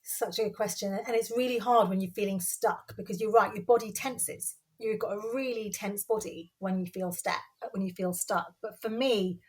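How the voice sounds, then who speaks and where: A woman's voice: medium pitch, normal speed, few pauses, darkish tone. A woman guest on a podcast, speaking earnestly and repeating phrases for emphasis. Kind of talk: casual conversational interview.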